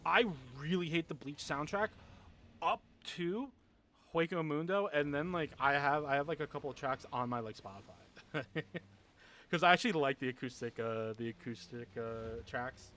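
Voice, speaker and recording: Young guy streaming games, kinda high voice, swears constantly and rambles at chat. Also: normal speed, fairly bright tone. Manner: rambling, swears a lot, laughs often. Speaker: gaming livestreamer. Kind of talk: casual livestream chat with viewers.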